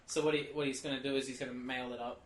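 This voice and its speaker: A man's voice: medium pitch, rapid-fire. Young man, echoey casual podcast. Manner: animated storytelling, acts out shop clerks in quotes. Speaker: podcast co-host. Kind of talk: casual chat. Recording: echoey room with faint noise.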